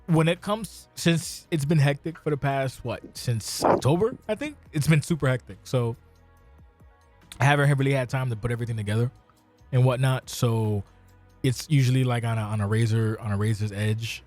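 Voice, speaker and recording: A man's voice: medium pitch, moderate pace, darkish tone, faint music behind. A man hosting a casual podcast chat, cursing freely and directing the order of speakers. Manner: swears freely, runs the order. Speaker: podcast host.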